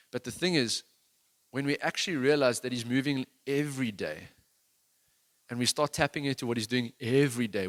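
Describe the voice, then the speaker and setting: A man's voice: mid-range voice, fairly bright tone. A man preaching a sermon as pastor, talking in a conversational, earnest way that rises into emphatic bursts.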